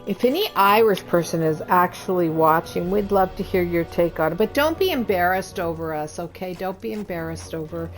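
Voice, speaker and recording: A woman chatting casually before a game stream, teasing and halting with fillers. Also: lowish voice, expressive, faint music behind. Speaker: co-host and player.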